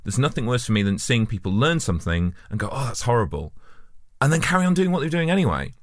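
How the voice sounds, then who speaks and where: A young man co-hosting a casual conversation, animated and quick to act out quoted remarks. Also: dry recording, clean studio sound. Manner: animated, jumps in pitch when acting out quotes. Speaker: podcast co-host.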